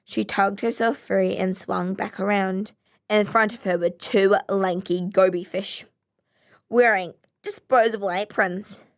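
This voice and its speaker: Slow, measured woman reading a children's story. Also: medium pitch, fairly even intonation. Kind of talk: children's story read aloud.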